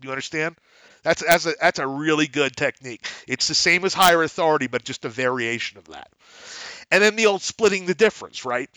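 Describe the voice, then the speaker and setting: A man's voice: a little high, no echo. A man hosting a podcast, teaching negotiation in a blunt, emphatic way and acting out bits of dialogue. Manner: lively, acts out dialogues in different voices. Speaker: podcast host teaching real estate investing. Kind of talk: instructional podcast talk.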